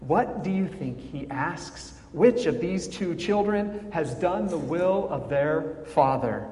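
A man preaching a sermon as pastor, measured and full of dramatic pauses, with wry asides. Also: a little high, animated, mellow. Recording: echoey hall with faint ambience.

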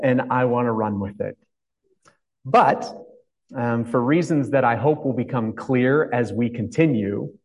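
A man's voice: medium pitch, darkish tone, poor audio. A male pastor giving a reflective, conversational sermon, asking his congregation questions as he goes.

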